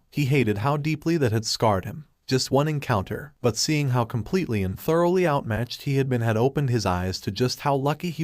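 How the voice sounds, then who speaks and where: Male storyteller, steady even reading, mid-range pitch, dry close-miked sound. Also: no room sound. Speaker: narrator. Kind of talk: scripted fan fiction narration.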